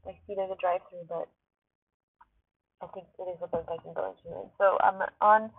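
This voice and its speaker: A woman's voice: lowish voice, fairly even intonation, brisk, gravelly, slightly rough, no room sound, narrow, tinny audio. A woman hosting a podcast from her car, tearful and shaken, talking urgently and swearing often in an emotional monologue. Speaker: podcast host. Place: parked car.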